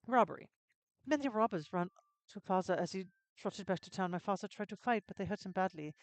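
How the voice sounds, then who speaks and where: A game streamer voicing a young farmer's daughter in a vague put-on foreign accent, earnest and a little halting. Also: mid-range voice, no room sound, close to an everyday voice, low-quality recording. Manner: earnest, simple, slightly halting.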